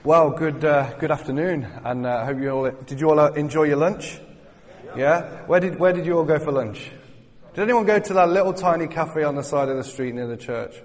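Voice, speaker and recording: A man's voice: fairly high pitch, normal speed. A man preaching a sermon as a guest speaker in a church, chatty and joking, rising into fervent appeals to the congregation. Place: church hall. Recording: long hall reverb.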